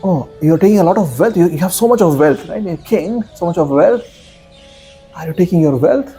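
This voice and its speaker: A man's voice: high voice, expressive, fairly quick, warm tone, soft background music. A man voicing a simple-minded fool who keeps asking innocent questions, in a told story. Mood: naive. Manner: naive, repetitive questioning. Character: simple-minded male fool, endlessly curious.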